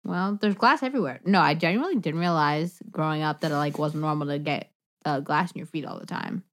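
A woman's voice: low-pitched, a little fast, fairly bright tone. Playful, jokey woman from the American South. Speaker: podcast co-host. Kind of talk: casual chat.

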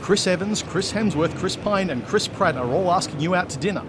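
Male comedy podcast co-host, slightly high pitch, dry rambling delivery. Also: expressive, fairly quick, noisy background. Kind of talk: comedic scripted chat.

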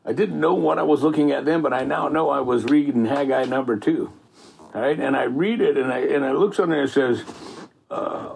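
Gravelly, folksy middle-aged man. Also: medium pitch, a little fast, darkish tone. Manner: rambling and folksy, peppered with "man" and "you know". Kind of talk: casual faith storytelling.

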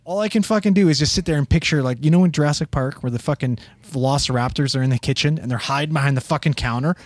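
This young paramedic talks fast in a fairly high voice, recorded dry. Swearing casually, he tells a wild tale from the job and animatedly performs the people who appear in it.

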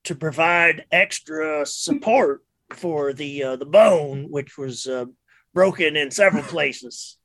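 A man as a player in a tabletop game, speaking in a calm, soothing way. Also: on the high side, takes it slowly, no room sound. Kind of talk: tabletop role-play.

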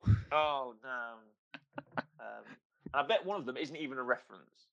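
A man co-hosting a casual podcast, chatting and joking with quick impressions. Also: mid-range voice, gravelly, a bit bright, dull audio. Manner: jokey, puts on impressions. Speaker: podcast co-host. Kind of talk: casual chat review.

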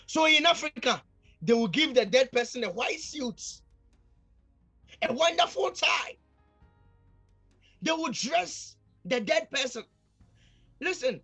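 A male pastor delivers a fervent sermon in a very high-pitched voice. He keeps calling out to the congregation, swinging from shouts to near-whispers.

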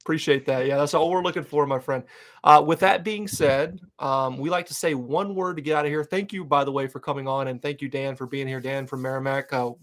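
A man's voice: mid-range voice, steady tone, fairly quick, a bit bright. A man hosting a casual fan podcast, upbeat and hype-driven, with lots of fillers and restarts. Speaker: podcast host. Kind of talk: casual fan-show chat.

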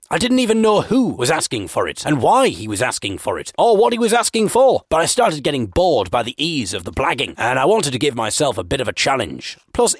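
A man's voice: mid-range voice, breathy edge, no room sound, clean studio sound. A man and podcast host giving wry, self-mocking scripted comic narration.

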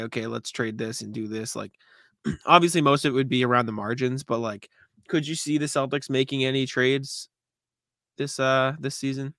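Laid-back guy on a sports podcast, mid-pitched, dry close mic, chuckles a lot. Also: sharp tone, no echo. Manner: easygoing, asks questions, laughs often. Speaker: podcast co-host. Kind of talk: casual basketball chat.

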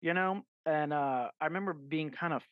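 A man with a voice on the high side, a guest author in a casual podcast interview, tells a story at a moderate pace. He rambles with fillers and restarts and acts out his own quoted lines. The recording is dull, lo-fi and dry, with no room sound.

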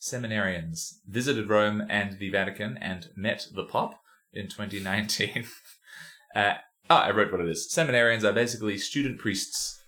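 A man's voice: lowish voice, moderate pace, bright, forceful tone. A man co-hosting a podcast in casual chat, joking, rambling and laughing often. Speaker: podcast co-host.

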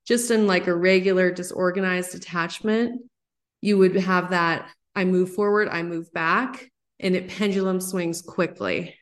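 A woman in her thirties, a psychologist guest on a podcast, explaining ideas in an animated, excited way. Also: on the low side, unhurried. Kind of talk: podcast interview.

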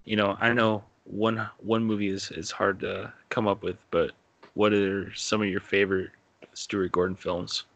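A man hosting a podcast in a relaxed, loose way, padding his talk with fillers and "you know". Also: lowish voice, a little slow, vocal fry, no room sound. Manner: laid-back, filler-heavy with lots of "you know". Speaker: podcast host. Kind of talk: casual interview chat.

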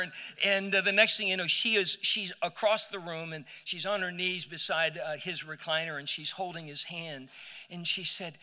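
Guy preaching, high-pitched and really bright, repeats himself a lot, echoey church hall. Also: steady tone, normal speed. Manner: storytelling preacher, repeats words, builds to emphatic peaks. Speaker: pastor. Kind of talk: sermon. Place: church sanctuary. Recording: church hall with long reverb.

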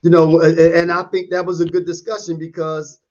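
A man in a casual debate who talks in a measured way and hedges a lot with "you know". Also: on the high side, flat delivery, darkish tone. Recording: dull lo-fi sound.

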